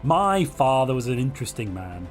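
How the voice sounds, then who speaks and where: A man hosting a multiplayer strategy game livestream, hoarse from a chest infection, joking in a playful, theatrical way. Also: mid-range voice, very animated, normal speed, soft background music. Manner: playful, theatrical royal pronouncements. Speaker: streamer host.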